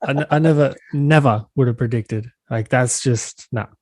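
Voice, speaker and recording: Aussie host guy firing off quick questions, dry close sound. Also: medium pitch, dry recording. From Australia. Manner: relaxed, quick quiz-style questions. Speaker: podcast host. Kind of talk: casual interview chat.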